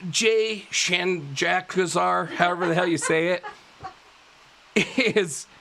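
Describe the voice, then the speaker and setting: A male podcast host telling a true-crime story in a casual way, animated, laughing often and tripping over his words. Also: high-pitched, slow pace, gravelly, crowd noise. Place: live podcast studio.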